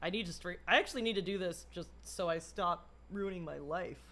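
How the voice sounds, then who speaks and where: A woman's voice: on the low side, a little fast, a bit bright, slight background noise. A woman streamer chatting casually as she reacts to a video, talking freely and swearing often.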